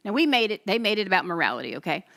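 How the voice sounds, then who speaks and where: A woman pastor, giving a testimony sermon to her congregation as an animated storyteller who acts out the voices she quotes. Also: medium pitch, very fast, creaky.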